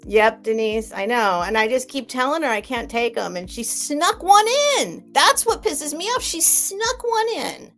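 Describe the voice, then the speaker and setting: A woman's voice: fairly high pitch, very animated, normal speed, hardly any pauses, fairly bright tone, soft background music. A middle-aged woman on a live stream, chatting candidly with viewers and answering their comments by name in a rambling, confiding way. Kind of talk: casual chat with live chat viewers.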